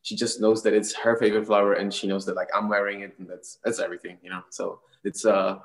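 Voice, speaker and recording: A man from the with as his answers questions earnestly in English, rambling through many fillers. His voice is fairly low. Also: flat delivery, fast, rough recording. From Czech Republic. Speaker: guest singer. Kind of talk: interview answers.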